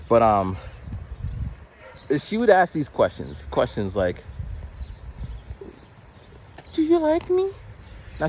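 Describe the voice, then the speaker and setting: Animated, rambling man in his forties. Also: mid-range voice, slight background noise. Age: 40s. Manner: animated, rambling, with frequent stammered restarts. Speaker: vlogger. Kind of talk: casual storytelling while walking. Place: outdoors, walking.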